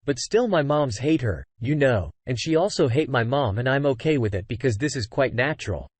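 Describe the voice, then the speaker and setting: A man's voice: medium pitch, lively intonation, a little fast, slightly rough, no echo. A man narrating a personal story in the first person, earnest and conversational, with frequent fillers.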